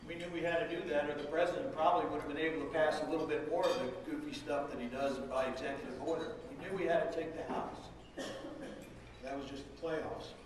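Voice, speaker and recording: A man's voice: fairly high pitch, noisy background. A middle-aged man giving a folksy, rousing political rally speech as a state legislative leader, heard from some distance in a large room. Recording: echoey hall, far from the mic.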